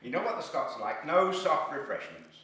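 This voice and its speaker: A man telling jokes as a stand-up comedian, lively and chuckling at his own punchlines. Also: fairly high pitch, a little fast, heavy reverb, recorded from a distance. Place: comedy venue.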